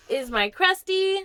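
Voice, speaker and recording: A young woman strolls through a casual vlog about her houseplants, speaking in an unhurried, fairly high voice. She coos fondly at each plant. Now and then her voice falls to a soft near whisper. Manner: drops to a near whisper at times. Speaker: plant vlogger.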